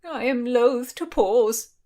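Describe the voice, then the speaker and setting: A woman reads as an older nobleman with a lofty, earnest manner, pining after love. He speaks in a storybook tale with dignity, pitched a few notes above her own voice. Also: slow pace, warm tone.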